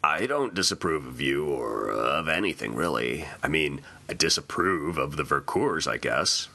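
A man's voice: extremely low pitch, lively intonation, normal speed, creaky, pushed and bright, full character voice. A man voicing a blunt, easygoing male police officer who talks casually and plainly.

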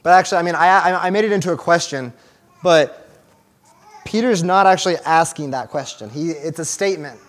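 A man's voice: fairly high pitch, fairly quick. A young man giving a casual, conversational sermon to a small church group, with restarts and fillers as he talks to the room. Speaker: church teacher.

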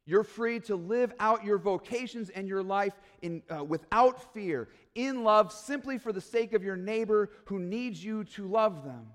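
A man's voice: high voice, measured pace, hardly any pauses, big-room sound. A man preaching a sermon in a church, earnest and pleading, building to emphatic peaks. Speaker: pastor.

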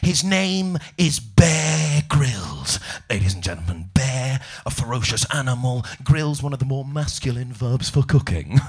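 A man's voice: medium pitch, sing-song, a little slow, husky. A man doing a stand-up set, in a mock-posh, theatrical way that teases the crowd. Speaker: stand-up comedian.

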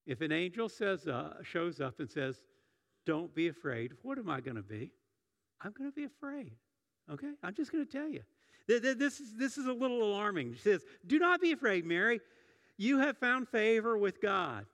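With a high-pitched, fairly bright voice that swings widely in pitch, a middle-aged pastor preaches at normal speed. His sermon in the church sanctuary is conversational, full of restarts and repeated words, and echoes with long hall reverb.

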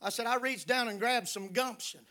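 A man preaching in church, folksy and conversational, swinging from hushed asides to shouting. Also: very high voice, moderate pace. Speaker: pastor. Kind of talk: sermon. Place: church sanctuary.

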